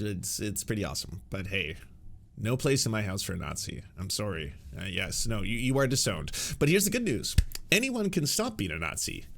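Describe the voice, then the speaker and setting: A man's voice: on the low side, vocal fry, a bit bright. A man hosting a reaction commentary show, sarcastic and laughing often, sometimes acting out mocking voices.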